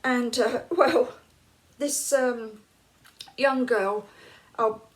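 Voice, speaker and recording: An English woman in her late fifties chats to her viewers, telling stories and laughing along the way. Her voice sits a little high, and she acts out the lines other people said. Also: fairly even intonation, extremely slow. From England. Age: late 50s. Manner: chatty, laughs often, acts out quoted lines. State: unwell, feeling hot and cold. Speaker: vlogger. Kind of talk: casual storytelling to camera.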